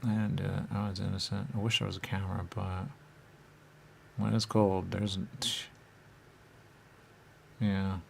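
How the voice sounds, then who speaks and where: A man talking in the first person as a dead spirit, rambling and halting, trailing off into fillers and jumping to high voices for quotes. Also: little pitch movement, vocal fry, a little hiss or hum.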